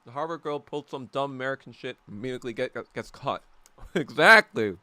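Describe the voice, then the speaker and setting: A young man runs a casual podcast livestream while eating, telling wandering stories with lots of laughs and frequent swearing. He talks briskly in a medium-pitched, bright, forceful voice with lively intonation, and there's no room sound.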